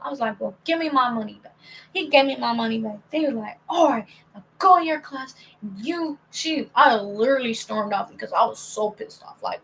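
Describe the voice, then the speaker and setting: Young woman vlogger, lively storyteller who swears freely and plays every part in her story, voice a touch high. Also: a little hiss or hum, poor audio. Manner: animated, acts out quoted dialogue, swears freely. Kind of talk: casual storytelling to camera.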